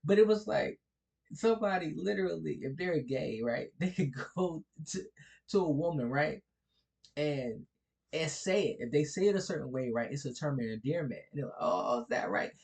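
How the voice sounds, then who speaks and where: A man's voice: on the high side, lively intonation, normal speed, creaky, a little mellow. A man talking in a casual vlog monologue, chuckling often and rambling loosely, tagging his points with "right?" and "like". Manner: loose, rambling colloquial delivery. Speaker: vlogger.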